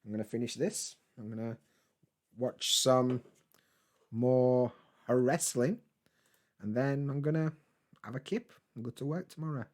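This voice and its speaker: A man chatting casually on a live stream, reading and answering chat comments in a relaxed, swearing, laughing way. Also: mid-range voice, measured pace, pauses often. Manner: laid-back, chatty, swears freely, laughs often.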